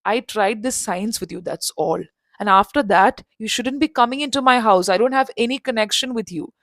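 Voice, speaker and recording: A woman's voice: a little high, moderate pace, no echo. A woman reading as a preachy old professor. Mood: dismissive. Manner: lecturing, calm and dismissive.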